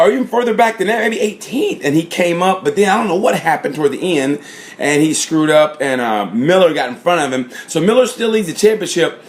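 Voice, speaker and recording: Chatty man rambling through a race recap. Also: on the high side. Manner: rambling, lots of fillers and "props". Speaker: motorsport fan reviewer. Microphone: phone or camera mic.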